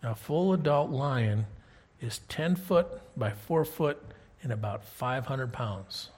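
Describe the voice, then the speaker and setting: A man preaching a Bible lesson in a relaxed, conversational way. He reads verses aloud and keeps checking in with his listeners through questions. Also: mid-range voice, takes it slowly, breathy edge.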